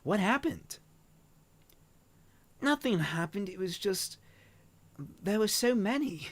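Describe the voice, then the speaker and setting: A man's voice: high voice, animated, slow pace, voice pushed up, exaggerated voice. A man putting on a shy, nervous young rabbit-girl, put-on Australian. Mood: shaken. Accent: Australian-ish, slipping British. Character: young rabbit-eared woman, anxious and shy.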